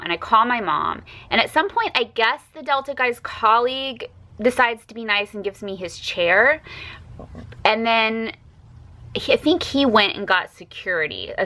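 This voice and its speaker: A woman's voice: medium pitch, bright, forceful tone. A woman telling a story in a casual vlog, speaking in an emphatic, indignant way.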